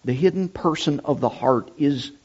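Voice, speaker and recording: A middle-aged man preaching a sermon, deliberate and emphatic, repeating his key phrases. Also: on the high side, a little mellow, slightly rough. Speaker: pastor. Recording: dull lo-fi sound.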